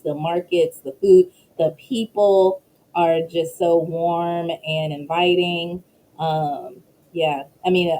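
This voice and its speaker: A woman professor as an interview guest, animated and laughing as she tells stories. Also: low voice, rough recording. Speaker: professor and associate dean, guest. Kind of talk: casual interview.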